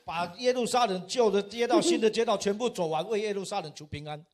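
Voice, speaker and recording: A man interpreting a spoken testimony line by line, brisk and often laughing along. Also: high-pitched, darkish tone.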